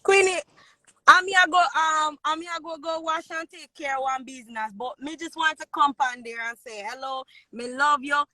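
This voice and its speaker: Gushing Jamaican woman fan, high bright voice. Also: normal speed, no room sound. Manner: gushing, pleading, repeats herself. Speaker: fan calling in. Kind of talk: live stream call.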